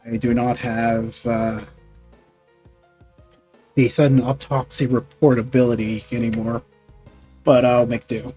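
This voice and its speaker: A man's voice: medium pitch, level tone, measured pace, pauses often, warm tone, faint music behind, low-quality recording. A man giving wry, joking commentary while playing through a story game. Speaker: let's-play host.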